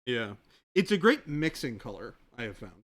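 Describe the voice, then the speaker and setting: A man's voice: medium pitch, very animated, normal speed, fairly bright tone. A man co-hosting a hobby livestream, answering chat questions in an easygoing way with a lot of fillers. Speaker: co-host of a miniature painting livestream.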